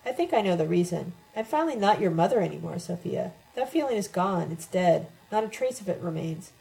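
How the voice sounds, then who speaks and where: A woman's voice: fairly low pitch, a little fast, gravelly, low-quality recording. A woman voicing a playful, teasing older mother in a read-aloud novel. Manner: lively, teasing.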